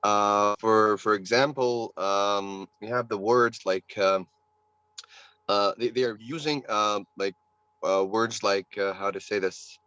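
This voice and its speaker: A man's voice: fairly low pitch, takes it slowly, sharp tone, clear, resonant tone, no echo. Hesitant man on a dull video call. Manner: hesitant, many fillers. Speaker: student. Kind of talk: casual online class chat.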